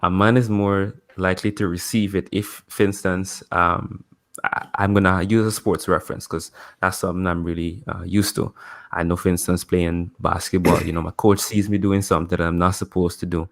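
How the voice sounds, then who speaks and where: A man speaking as a guest in a casual live-stream discussion, laying out his argument deliberately, point by point. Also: low-pitched, level tone, gravelly.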